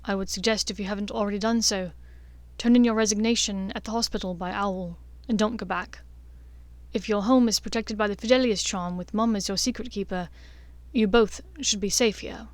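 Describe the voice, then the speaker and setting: Woman reading a serious young wizard guy, earnest, bit lower. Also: fairly even intonation, a little fast, no room sound, lightly acted.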